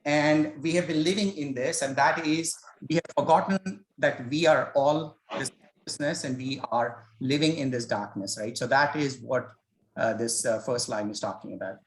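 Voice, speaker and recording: In a self-recorded study session on scripture, a man talks at normal speed in a steady tone with a mid-range voice. His informal lecture is hesitant and conversational, carried along by stories as he explains. The room echoes and the audio is poor.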